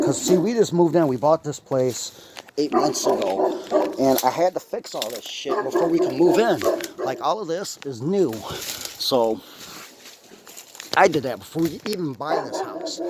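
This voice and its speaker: A man's voice: medium pitch, noisy background. A young man ranting on a handheld phone video outside his house, angry and profane, with blunt slang and an irritable edge from constant pain. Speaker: homeowner vlogging. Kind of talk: ranting vlog.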